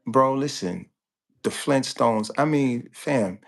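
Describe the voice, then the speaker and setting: A man's voice: medium pitch, animated, takes it slowly, vocal fry. A man in his forties from New Jersey with a New York accent, a guest musician telling stories in laid-back interview chat.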